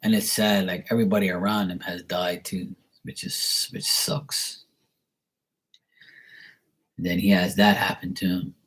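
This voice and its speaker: A man's voice: low voice, flat delivery, measured pace, pauses often, fairly bright tone. A man doing a tarot reading and answering viewer questions in a rambling, casual chat full of "you know" fillers, blunt and sometimes swearing. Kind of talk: casual live-stream chat.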